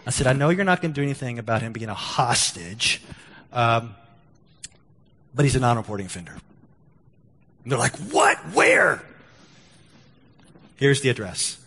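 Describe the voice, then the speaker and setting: A man preaching as a pastor, with a voice of middle pitch. He tells his story with stumbling restarts and puts on lively voices for the people he quotes. The sound rings with the long reverb of a church hall. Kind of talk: sermon with story and prayer. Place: church sanctuary.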